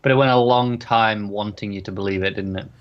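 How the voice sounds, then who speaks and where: A man's voice: on the low side, steady tone, fairly quick, dull audio. Dry-witted man co-hosting. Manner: dry, teasing banter. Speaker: podcast co-host. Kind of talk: casual chat.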